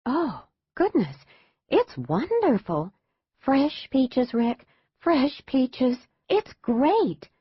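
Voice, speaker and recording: A woman reading an audiobook, voicing an excitable tourist mother who talks in a gushing, high-strung way. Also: measured pace, few pauses, no room sound, full character voice. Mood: gushing, indignant. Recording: dull dry lo-fi audiobook.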